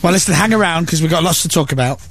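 A man's voice: a little high, fairly bright tone. A man hosting a radio show, trading teasing banter with a guest. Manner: teasing, quick-witted. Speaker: radio host. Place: radio studio.

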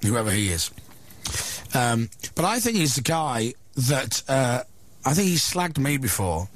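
A man's voice: medium pitch, big pitch swings, a little slow. A man who hosts a radio show, bantering casually and jokily in the studio, with an offhand way of talking. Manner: offhand and joking, trailing off with fillers. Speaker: radio host.

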